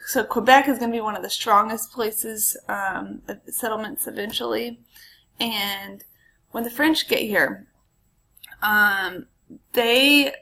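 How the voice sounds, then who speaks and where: A woman's voice: medium pitch, gravelly, sharp tone, low-quality recording. A woman history teacher giving a casual recorded lecture, chatty and full of ums, with asides to her students.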